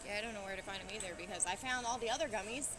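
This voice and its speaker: A woman's voice: mid-range voice, very fast. A woman shopping with her husband who makes brief, matter-of-fact remarks from a short distance away. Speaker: streamer's wife. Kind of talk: casual shopping talk. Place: shop aisles indoors. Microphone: off-mic, picked up from a distance. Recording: distant voice amid shop noise.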